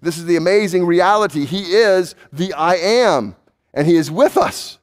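A male pastor preaching a sermon emphatically, swinging between raised urgency and hushed, low intensity, and repeating words for emphasis. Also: lively intonation, normal speed.

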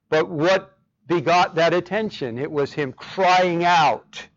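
A man preaching a sermon with passion, his voice rising to loud cries on key words. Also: on the high side. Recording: dull lo-fi sound.

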